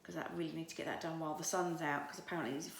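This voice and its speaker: A woman talks casually to her phone camera, rambling with fillers and often dropping into a breathy half-whisper. Her voice sits a little low, and there is a faint hiss of background noise. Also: flat delivery, rapid-fire, roomy sound. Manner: half-whispered, breathy asides while walking; chatty and rambling with many fillers. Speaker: vlogger. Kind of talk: casual chatty vlog. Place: outdoors on a road at night, walking uphill; at home indoors. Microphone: phone held at arm's length.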